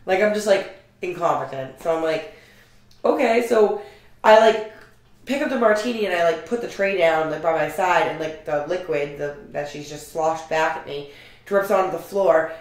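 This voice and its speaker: A woman co-hosting a casual podcast, telling lively stories about customers, swearing and laughing as she talks. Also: fairly low pitch. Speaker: podcast co-host. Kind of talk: casual storytelling chat. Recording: very echoey room.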